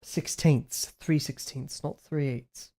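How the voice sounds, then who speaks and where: Rambling young streamer with a mellow voice. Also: medium pitch, steady tone, slow. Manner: rambling, self-deprecating, muttering to self. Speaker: livestreaming artist. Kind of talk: casual chat while drawing on a livestream.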